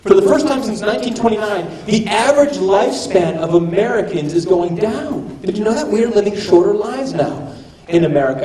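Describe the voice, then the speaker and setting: A male stand-up comic with a strikingly high voice works an audience, mocking and animated. He is heard from a distance in an echoey room, with a loud crowd behind him. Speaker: stand-up comedian. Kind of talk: stand-up comedy set. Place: live comedy venue with audience.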